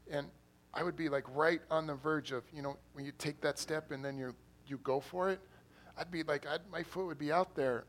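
A man's voice: fairly high pitch, fairly even intonation, normal speed. A man who is an assistant pastor, preaching an earnest sermon in a church, repeating phrases and rising to emphatic bursts. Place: church hall.

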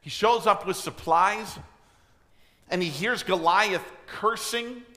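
Pastor, male, delivering an emphatic sermon in a church with rhetorical questions. Slow, deliberate delivery and a long-ringing hall. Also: high-pitched, pushed and bright. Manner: clears throat often. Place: church sanctuary.

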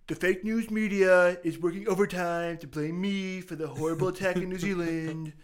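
A man's voice: high-pitched, steady tone, moderate pace, natural voice. A man putting on a comic impression of a brash male politician, lips pushed out and talking like a mock tough guy. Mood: bombastic. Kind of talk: comedic impression.

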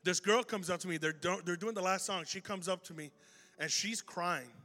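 A male pastor telling a story in a sermon, lively and animated, acting out the voices of the people in it. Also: sits high, moderate pace. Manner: animated, acts out dialogue in the story. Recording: long hall reverb with faint music.

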